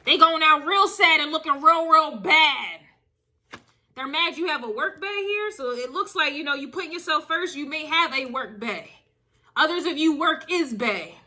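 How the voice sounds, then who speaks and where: A woman's voice: high voice, expressive, moderate pace, pushed and bright. A woman doing a casual spiritual reading to camera, emphatic and driving her points with repeated phrases. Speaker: tarot reader.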